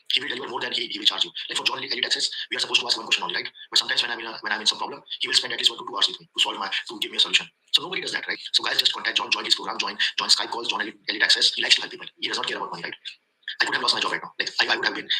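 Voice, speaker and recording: A man's voice: lowish voice, sharp tone, low-quality recording. A man with an Indian accent giving a rambling testimonial, repeating himself and filling gaps with "uh" as he speaks English as a second language. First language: not English. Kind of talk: casual testimonial.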